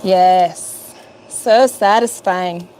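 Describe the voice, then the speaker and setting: A woman in her fifties hosts a casual livestream, chatting upbeat with viewers by name while she works. Her voice is lowish and a little mellow, she speaks very slowly, and there's slight background noise.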